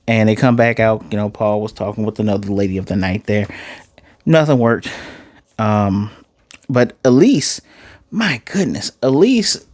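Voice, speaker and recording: A man giving a casual, animated recap as an anime reviewer, acting out quotes and using fillers. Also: on the low side, unhurried, no echo, clean studio sound. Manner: animated, acts out quotes, uses "y'all" and fillers.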